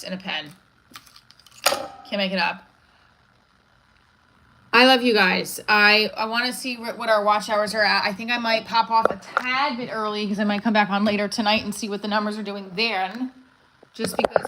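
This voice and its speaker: A woman's voice: medium pitch, bright, forceful tone, low-quality recording. A woman hosting a casual live stream, rambling, restarting her sentences and reading viewer comments aloud. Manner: rambling, restarts often, reads chat aloud. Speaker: livestream host.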